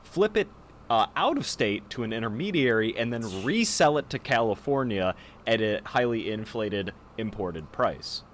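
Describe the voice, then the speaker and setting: Brief: male podcast host, lively swooping intonation, blunt casual explainer. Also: lowish voice, normal speed, a little hiss or hum. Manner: explains matter-of-factly, blunt. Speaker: podcast host presenting the topic.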